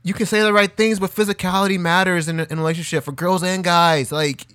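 A man's voice: high voice, fairly even intonation, fast talker, a bit bright, dry recording. A man in casual podcast chat, blunt and profane, calling everyone dude. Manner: blunt, swears a lot, says dude.

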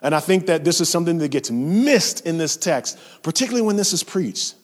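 Animated man preaching in a reverberant hall. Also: fairly high pitch, a little fast. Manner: animated, conversational preaching with playful voiced asides. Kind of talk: sermon.

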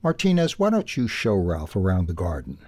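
A man reading a storybook, voicing a small, bossy female hummingbird in quick, high, buzzy scolding tones. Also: wildly swooping pitch, dark tone, heavily acted. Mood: coaxing.

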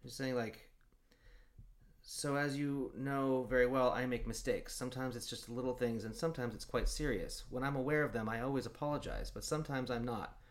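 A man chatting casually as a podcast co-host, rambling through a story and reading messages aloud in a flat voice. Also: medium pitch, a little fast. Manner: rambling storyteller, swears, reads chat logs aloud in a flat voice. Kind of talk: casual chat.

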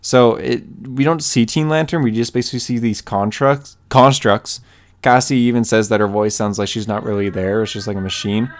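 A man co-hosting a podcast, eagerly recapping a comic issue and playing out the characters' lines in a raised voice. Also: fairly quick. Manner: excited retelling, acts out character lines in a higher voice. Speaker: podcast co-host. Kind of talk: casual comic book chat.

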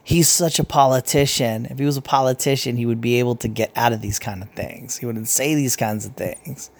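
Speaking briskly with vocal fry at a medium pitch, a man rants casually about his opinions. His commentary is crude and blunt, wandering along with frequent sentence restarts.

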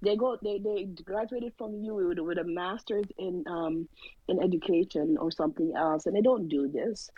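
A woman's voice: on the low side, moderate pace, breathy edge. A woman co-hosting a podcast in casual chat, amused, stammering and repeating her words. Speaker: podcast co-host. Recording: dull, dry lo-fi sound.

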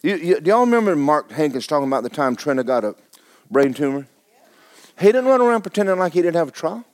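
A man preaching a sermon in a folksy, playful way, his pitch swinging widely and bursting into shouted praise. His voice sits a little high for a man. The sound is close and dry, with almost no room echo. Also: big pitch swings, fast. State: injured foot, sitting while preaching. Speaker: pastor.

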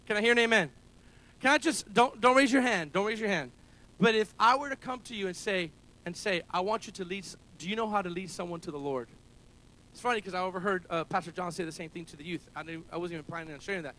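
Man, pastor, sermon, very high voice, call-and-response, emphatic. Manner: call-and-response preaching, rising to shouts. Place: church service held in a school building.

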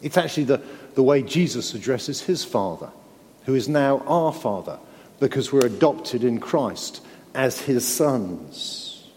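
A man's voice: mid-range voice, expressive, unhurried, a little mellow, a little hiss or hum. A man preaching a sermon in an earnest way, often repeating words and asking his listeners tag questions. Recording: long hall reverb.

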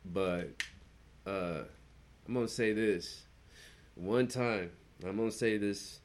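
A man's voice: slow, slight background noise. A young man on a podcast telling rowdy stories in a casual chat, acting out the people in them. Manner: animated storyteller, jumps into high voices when quoting people. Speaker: podcast host.

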